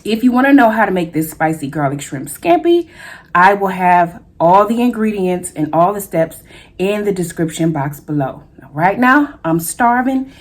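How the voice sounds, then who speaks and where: A woman's voice: mid-range voice, expressive, moderate pace. A woman hosting a mukbang food vlog, chatting casually to her viewers as she eats. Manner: chatty, addresses viewers as y'all, eats between words. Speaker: food vlogger.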